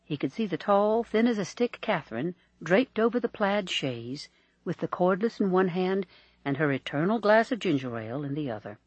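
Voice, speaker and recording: A man reading an audiobook aloud in an expressive, measured storytelling manner, in a dry, slightly dull recording. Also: high-pitched, husky, dry recording. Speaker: audiobook narrator. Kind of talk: scripted narration.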